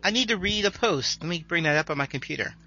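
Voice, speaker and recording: Easygoing podcast host guy, bright voice, laughs a lot, kinda dull dry sound. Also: a little high, expressive, fast talker. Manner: easygoing, laughs often, light hesitations. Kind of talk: casual podcast chat. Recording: slightly dull, dry sound, faint music.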